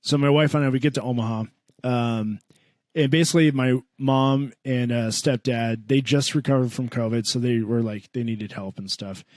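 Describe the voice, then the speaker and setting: Man, podcast co-host, animated comic storyteller, dry close mic. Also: moderate pace, no echo. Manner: animated, swears a lot, voices his mom in a high pitch. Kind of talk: comedic storytelling.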